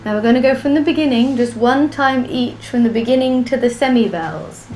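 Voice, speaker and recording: A woman's voice: high-pitched, brisk. A woman teaching a live-streamed class, patiently chanting syllables in a sing-song and joking with her students. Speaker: language teacher. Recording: echoey room with music behind.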